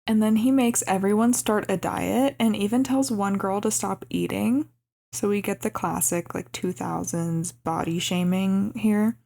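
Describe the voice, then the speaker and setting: A young woman co-hosting a podcast who recaps a movie casually and acts out the quoted lines with lively changes of voice. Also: mid-range voice, measured pace, vocal fry. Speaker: podcast co-host.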